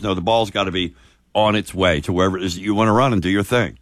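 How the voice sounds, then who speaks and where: A male co-host in casual studio chat, animated and telling stories. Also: on the low side, quick pace, no echo. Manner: animated, storytelling, drops into quoted voices. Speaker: morning show co-host.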